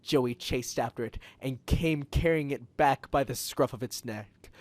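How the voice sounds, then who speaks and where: Deadpan man reading fan fiction aloud. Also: medium pitch, moderate pace, no echo. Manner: deadpan, with wry asides. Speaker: host and reader. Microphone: headset for a video call.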